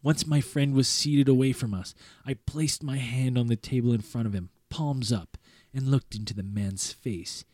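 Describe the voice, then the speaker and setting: A man's voice: mid-range voice, a little mellow, no room sound. Man reading a story in a dry room. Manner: measured, earnest read-aloud narration. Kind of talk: first-person story reading.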